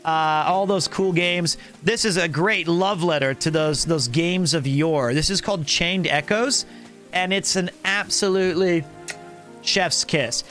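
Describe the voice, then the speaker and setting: A man with a high, bright voice chats casually while he streams a game, rambling and joking in a playful way. Faint game music plays behind him. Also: a little slow. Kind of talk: casual live-stream chat.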